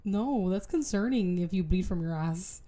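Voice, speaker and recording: A woman co-hosting a podcast, blunt and expressive in casual chat. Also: normal speed. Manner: expressive, swings between high and low, blunt. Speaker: podcast co-host.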